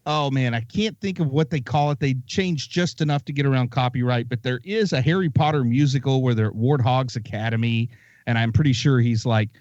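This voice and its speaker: A man's voice: medium pitch, fairly quick, darkish tone, no echo, muffled recording. Rambling male podcast co-host. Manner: rambling, self-correcting. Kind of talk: casual chat.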